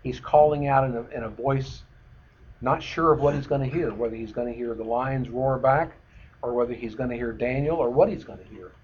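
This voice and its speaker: A man teaching a bible study in a relaxed conversational way, with many fillers and restarts. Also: medium pitch, a little fast. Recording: dull lo-fi recording with faint noise.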